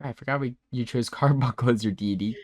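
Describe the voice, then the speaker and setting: A man's voice: mid-range voice, fast, darkish tone, dry recording, studio quality. A man narrating as game master of a tabletop game, in a laid-back, rambling way with frequent self-corrections.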